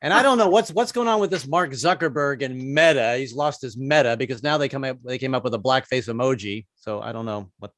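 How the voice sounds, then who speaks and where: A man's voice: medium pitch, fairly quick, few pauses, fairly bright tone, no echo, clean studio sound. A man in his fifties doing a stand-up comedy set, rambling and self-mocking, with many restarts.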